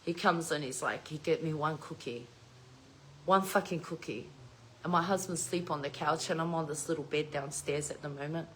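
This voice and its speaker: Chatting to viewers from home, this middle-aged Australian vlogger rolls out a family story casually, swearing plenty along the way. Her low voice still sounds bright and sharp, she speaks at a normal speed, and there's slight background noise.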